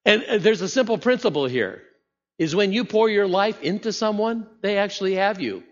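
A man's voice: sits high, lively intonation, normal speed. A male pastor delivers a conversational sermon and keeps asking his listeners questions. His voice carries a long reverb from the church around him. The recording sounds slightly muffled. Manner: conversational preaching with rhetorical questions.

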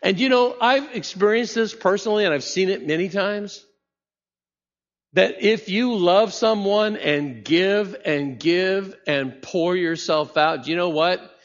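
A male pastor with a high-pitched voice and measured pace gives a conversational sermon, repeatedly asking his listeners rhetorical questions. His voice carries a long reverb from the church around him, and the recording sounds slightly muffled.

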